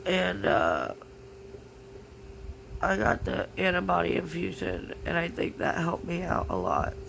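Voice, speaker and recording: Slow, gravelly, tearful young woman. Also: lowish voice, very animated, noisy background. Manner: halting, full of "like" fillers, grieving. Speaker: vlogger. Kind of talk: personal confessional vlog.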